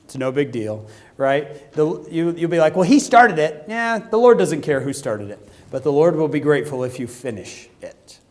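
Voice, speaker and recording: A man giving a humorous talk to a youth conference, telling a story with lively acted-out quotes. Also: on the high side, moderate pace. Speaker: youth speaker. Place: conference hall.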